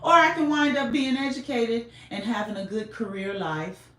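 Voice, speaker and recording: A woman's voice: fairly high pitch, moderate pace, pushed and bright. A woman from the United States hosting a podcast, delivering an impassioned monologue and repeating phrases for emphasis. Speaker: podcast host. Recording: roomy echo.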